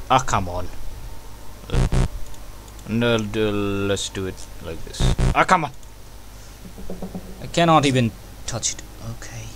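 A man's voice: on the low side, noisy background. A young man hosting a gaming channel, chatting to himself as he plays, with sudden yelps and exclamations. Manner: excitable, talks to himself, frequent yelps. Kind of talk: let's play commentary.

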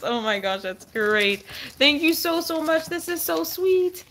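A young woman hosting a casual livestream, cooing and encouraging her dog and swinging up high when she praises it. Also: measured pace, noisy background.

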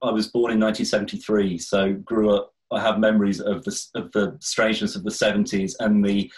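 A man's voice: on the low side, little pitch movement, rough recording. Thoughtful English author in his forties. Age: 40s. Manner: thoughtful, hesitant when chatting, measured when reading. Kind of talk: reading from his memoir and casual chat.

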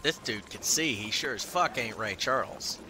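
A man's voice: mid-range voice, expressive, normal speed, noisy background. A man joking sarcastically and cussing while playing a game online with a friend. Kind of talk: casual gaming chat.

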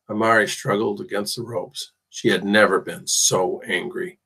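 A man reading a novel aloud as audiobook narration, steady with the odd restart. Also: lowish voice, normal speed, few pauses, breathy edge, low-quality recording. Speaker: audiobook reader.

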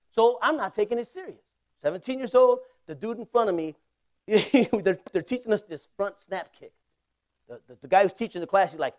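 A pastor in his forties tells a humorous story during a sermon, chatting conversationally and laughing often as he swings from loud bursts to quiet asides. His voice is high with lively intonation, the pace is normal, and there's no room sound.

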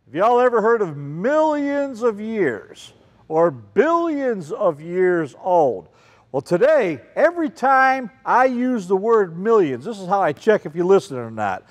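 A man, a children's ministry speaker giving an animated talk to a group of kids and calling out questions to them. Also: high-pitched. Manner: animated, calls out questions to the crowd. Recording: long reverb, large hall.

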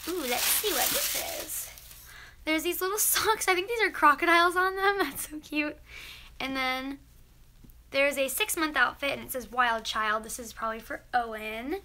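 A woman's voice: high voice, measured pace, sharp tone. A teenage girl vlogger opening fan mail, chatty and gushing as she reads letters aloud. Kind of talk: casual mail-opening vlog.

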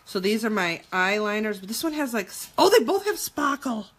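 A woman in her thirties chatting through a casual live makeup tutorial, jokey and quick to swear. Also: a little high, sing-song, fairly bright tone, husky. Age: 30s.

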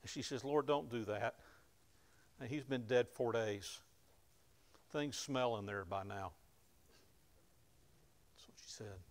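A man delivers a sermon, retelling scripture in a plain, conversational way. His voice is gravelly, with a mid-range pitch. He swells to loud emphasis on the key lines. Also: takes it slowly, long pauses. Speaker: pastor.

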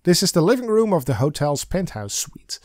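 A man's voice: high-pitched, sing-song, moderate pace, darkish tone, no echo, studio quality. A man hosting a let's play of an old adventure game, reading its text aloud in a playful, giggly way. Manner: playful, giggly, sings and reads lines with silly emphasis.

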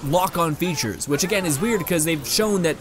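A young man from Canada rambles through casual let's-play commentary, laughing often and cursing at the game. His voice sits a little high. A faint hiss of noise runs under the recording. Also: moderate pace. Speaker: gaming YouTuber.

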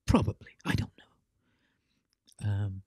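British-born male guest, mellow and dark, creaky, animated storyteller, dry sound. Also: medium pitch, normal speed, dry recording. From Britain. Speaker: interview guest, author. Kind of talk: storytelling conversation.

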